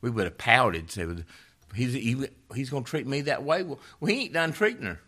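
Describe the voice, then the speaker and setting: A man preaching a sermon, rising to loud fervent peaks and dropping to hushed, low emphasis. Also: lively intonation, moderate pace.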